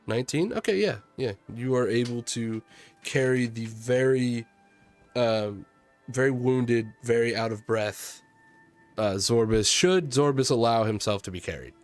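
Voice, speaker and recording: A young man running a tabletop game as game master, narrating with many pauses and fillers and laughing often. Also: mid-range voice, soft background music.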